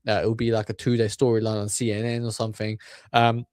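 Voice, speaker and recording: Dude swearing nonstop in a rant, lots of like and you know, mid pitch, dry close sound. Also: male voice, level tone, quick pace, darkish tone, no echo. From England. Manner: crude, swearing, repeats filler words. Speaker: commentary channel host. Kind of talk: profane ranting commentary.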